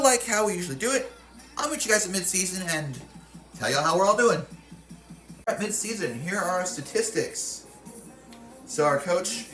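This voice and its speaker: A man's voice: on the high side, fairly bright tone. A young man hosting a casual video game commentary, reading off rosters and stats and often correcting himself. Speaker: video game channel host.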